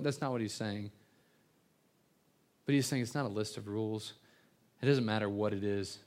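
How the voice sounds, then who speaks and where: A man's voice: fairly low pitch, fairly even intonation, moderate pace, pauses often, a little mellow. A man preaching an evening sermon, telling stories earnestly with frequent stammered restarts and repeated words. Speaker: pastor.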